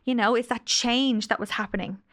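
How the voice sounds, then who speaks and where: Her voice is a little high, steady and fairly bright, and she speaks briskly. She's an angel healer in her late thirties, a guest on a casual podcast, telling stories effusively and emotionally.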